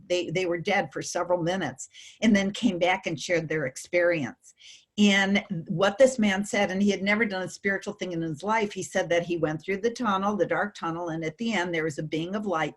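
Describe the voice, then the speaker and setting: A middle-aged woman telling a personal story in an interview, animated and emotional, acting out the voices of the people in it. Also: mid-range voice, slightly rough. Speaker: guest speaker.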